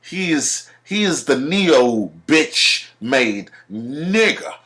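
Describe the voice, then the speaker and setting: A man's voice: mid-range voice, extremely slow. A man delivering a rambling, profane ranting monologue and telling stories. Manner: rambling, profane, animated storytelling. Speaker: vlogger.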